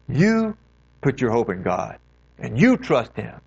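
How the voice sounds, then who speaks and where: A man's voice: medium pitch, huge pitch swings, takes it slowly, creaky, darkish tone, slightly rough. A man preaching a sermon as pastor, earnest and exhorting, leaning hard on key phrases. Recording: dull lo-fi recording.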